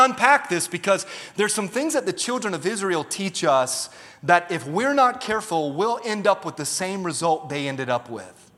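Bright-voiced preacher man in a hall. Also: high-pitched, lively intonation, normal speed. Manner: emphatic, calls for audience response. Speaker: pastor. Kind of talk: sermon. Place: church auditorium. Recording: long reverb of a large hall.

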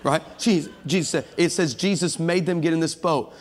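A man preaching an energetic sermon as a guest pastor, acting out voices and calling out to the congregation. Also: on the high side, brisk. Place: church sanctuary with long reverb. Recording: reverberant church hall.

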